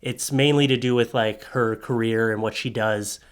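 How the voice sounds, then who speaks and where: Man, thirties, casual vlog talk, excited, jokey, mid pitch. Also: clean tone. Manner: excited, joking, talks fast. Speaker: YouTuber.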